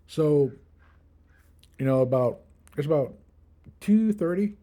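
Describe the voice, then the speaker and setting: Mellow-voiced man telling his story. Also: medium pitch, normal speed, pauses often. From Milwaukee area. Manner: rambling, many fillers, quotes others in lively voices. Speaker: kidney transplant patient. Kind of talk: casual personal storytelling.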